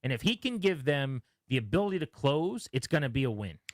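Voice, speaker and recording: A man's voice: medium pitch, a little fast, dry recording. A man hosting a sports radio show, telling stories about players and quoting them as he talks shop. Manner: animated storytelling, quotes players. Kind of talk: casual sports talk.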